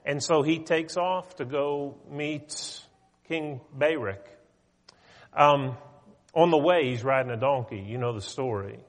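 A man preaching a sermon, retelling a story in a conversational, animated way. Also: on the high side, slow pace. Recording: long hall reverb.

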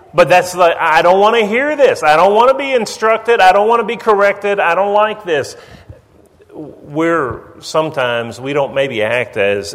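A middle-aged man preaching a sermon as pastor, in a conversational way with folksy everyday examples. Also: mid-range voice. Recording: long hall reverb.

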